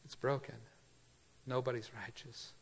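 A man preaching a sermon in a casual, conversational way, moving from loud emphasis to quiet asides. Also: mid-range voice, steady tone, measured pace, husky, in a large hall. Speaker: pastor.

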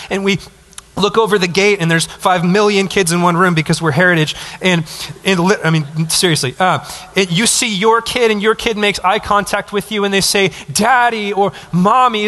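A man's voice: high voice, sharp tone. A pastor in his thirties preaching a sermon in a conversational, emphatic way, with asides to the congregation.

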